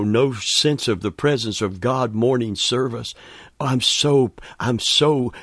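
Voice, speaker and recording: Give me a man preaching a sermon with emphasis, slow and unhurried. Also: medium pitch, no echo, studio quality. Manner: earnest, emphatic, with warm chuckles.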